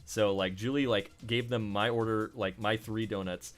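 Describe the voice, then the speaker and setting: A man streaming a game and telling a story in a casual, animated way, often breaking into laughter. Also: on the low side, moderate pace, soft background music. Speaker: streamer playing games. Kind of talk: casual chat while gaming.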